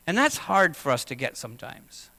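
Bright-voiced male pastor in a reverberant hall. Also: on the high side, big pitch swings, moderate pace. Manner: conversational, asks the congregation questions. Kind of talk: sermon.

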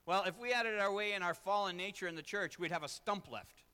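A man preaching in a church sanctuary, his voice pitched high and bright with a tense edge. He presses his points by repeating key phrases and slips in wry asides about himself. The sound carries a long reverb from the large room. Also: fast, clear, resonant tone. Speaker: pastor. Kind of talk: sermon.

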